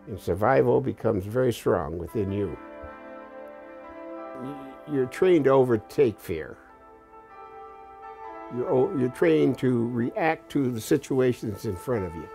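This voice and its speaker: A man's voice: mid-range voice, gravelly, warm tone. An elderly man in his eighties, a war veteran, recounting his experiences in a blunt, plain-spoken documentary interview. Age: 80s. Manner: plain-spoken, blunt storytelling with occasional profanity.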